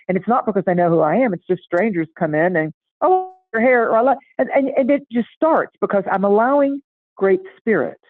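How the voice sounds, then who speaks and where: A middle-aged woman chatting casually and telling a lively story, acting out the voices of the people in it. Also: mid-range voice, a little fast, no room sound. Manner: animated, acts out voices in anecdotes. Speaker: astrology guest. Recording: tinny phone-like line, dry.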